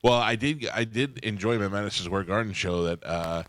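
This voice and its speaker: A man with a very low voice and a bright, forceful edge tells rambling stories on his radio show. He pokes fun at himself and laughs easily, and the sound is close and dry. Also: normal speed, dry recording. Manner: rambling storyteller, self-deprecating, laughs often. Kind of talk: casual studio chat. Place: radio studio.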